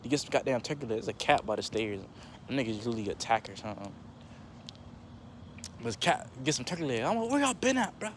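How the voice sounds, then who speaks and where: A young man telling a casual story in a slangy, animated way, jumping into higher voices for quotes. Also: quick pace, long pauses, a little hiss or hum.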